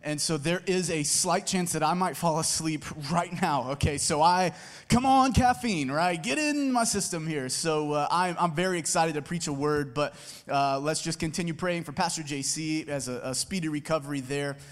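Man, campus pastor, energetic, rallying the crowd, auditorium reverb. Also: a little high, moderate pace. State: tired from little sleep. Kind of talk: church service welcome and announcements. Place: large auditorium. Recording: long hall reverb.

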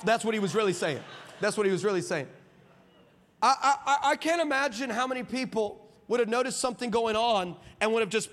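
High, bright-voiced preacher man in a hall. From El Paso, Texas. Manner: animated, acts out dialogue, builds to emphatic preaching. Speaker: pastor. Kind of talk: sermon with storytelling. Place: large hall with audience. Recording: reverberant hall.

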